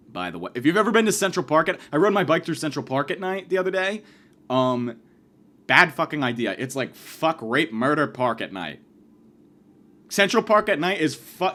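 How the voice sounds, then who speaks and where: Rambling, profane male storyteller. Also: medium pitch. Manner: profane, rambling, fast, lively delivery. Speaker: podcast host.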